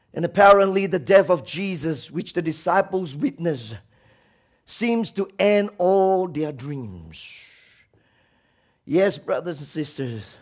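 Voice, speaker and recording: A man preaching a sermon, swinging from loud, shouted lines to quiet, low passages and acting out laments with emotion. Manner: acts out quoted prayers and laments with emotion. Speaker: pastor.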